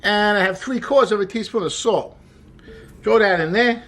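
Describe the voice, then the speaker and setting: A man's voice: high-pitched, moderate pace, fairly bright tone. Chatty man cooking and explaining. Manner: chatty, upbeat, talks while working. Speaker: cooking show host. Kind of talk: casual cooking demonstration. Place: home kitchen.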